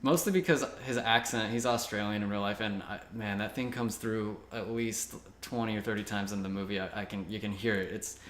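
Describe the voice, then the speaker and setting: A young man co-hosting a casual movie review chat, rambling and relaxed, laughing easily. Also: fairly low pitch, brisk, few pauses, slight background noise. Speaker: co-host. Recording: echoey room.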